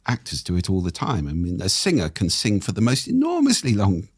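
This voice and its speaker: Husky low-voiced man explaining expressively. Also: a little fast, no echo, clean studio sound. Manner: animated, expressive intonation. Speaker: voice coach guest. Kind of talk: conversational explaining.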